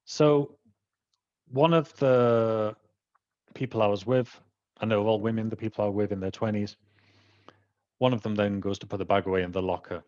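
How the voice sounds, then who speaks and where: A low-voiced Welsh man recounts a personal anecdote and acts out the people he talks about. The recording is dull and lo-fi, as if from a modest home setup. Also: normal speed, pauses often. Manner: animated, acts out the people he quotes. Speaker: trainer. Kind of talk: personal storytelling monologue.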